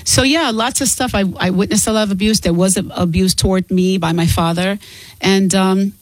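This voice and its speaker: A middle-aged woman speaking candidly and earnestly as an interview guest, quick to laugh. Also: mid-range voice, steady tone, no echo, low-quality recording. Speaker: guest author and singer. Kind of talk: casual interview talk.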